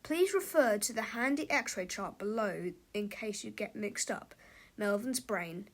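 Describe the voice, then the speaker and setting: A woman's voice: medium pitch, animated, a little slow. A woman narrating a children's book aloud, playfully addressing the listener. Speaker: storybook reader.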